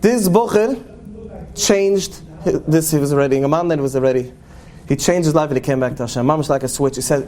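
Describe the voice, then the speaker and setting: A rabbi tells stories to an audience in an earnest, high, slightly mellow voice with a storyteller's tinge. He slows down and lingers on key words for emphasis.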